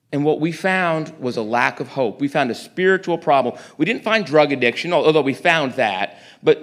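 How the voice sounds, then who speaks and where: Animated man preaching a storytelling sermon. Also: fairly high pitch. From New York City. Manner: animated, acts out dialogue in quick bursts. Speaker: guest preacher.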